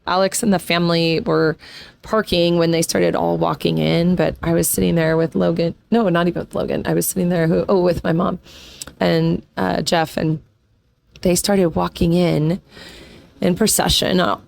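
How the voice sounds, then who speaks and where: A woman in her forties with vocal fry running through her voice, sharing a family story as a podcast host. She rambles with fillers and restarts, and her voice keeps catching as if she is about to cry. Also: on the low side, flat delivery, normal speed, darkish tone, no echo. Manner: emotional, close to tears, rambling with fillers. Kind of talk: casual personal storytelling.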